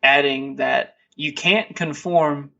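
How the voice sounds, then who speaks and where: A man's voice: a little high, steady tone, slow, vocal fry, pushed and bright. Rambling man on a distant lo-fi mic. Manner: laid-back, rambling, frequent fillers and restarts. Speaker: podcast co-host. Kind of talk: casual chat.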